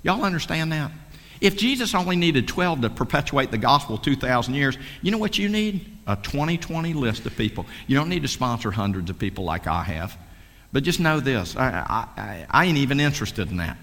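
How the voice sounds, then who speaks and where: A man's voice: medium pitch, big pitch swings, brisk, fairly bright tone. A man giving a fervent, folksy sales pep talk at a meeting, repeating himself and preaching. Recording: long hall reverb.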